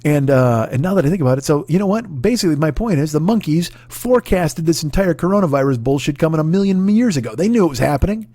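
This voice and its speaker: A rambling comedy podcast host, a man whose voice sits a bit higher than most. He swears freely and wanders off into jokey asides, recorded dry and close to the mic. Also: mellow, dry recording. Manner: rambling, profane, jokey, sings silly nonsense syllables. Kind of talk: rambling comic sponsor read.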